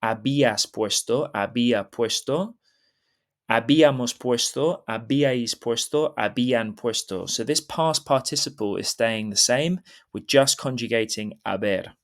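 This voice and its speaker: A man teaching an online Spanish lesson, explaining step by step with clear, careful pronunciation and often checking in with "okay?". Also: mid-range voice. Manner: switches between English and carefully pronounced Spanish.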